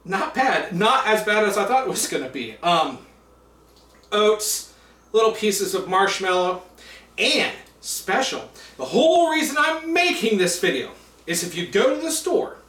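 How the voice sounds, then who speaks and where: A man's voice: high-pitched, fairly bright tone. A man hosting a casual cooking show, upbeat and chatty with a self-mocking humor. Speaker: host. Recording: roomy echo, distant mic, music behind.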